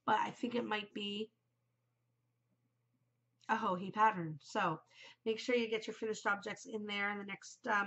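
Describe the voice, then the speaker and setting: A woman's voice: on the high side, fairly bright tone, lo-fi sound. A woman in her forties hosting a knitting podcast in an upbeat, chatty way, her nose a bit stuffed from a cold. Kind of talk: casual chat.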